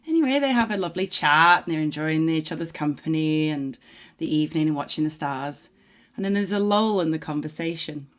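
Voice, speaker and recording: A woman co-hosting a reaction video, telling a long joke in a casual, animated way and laughing easily. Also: low-pitched, fairly quick. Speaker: reaction channel co-host.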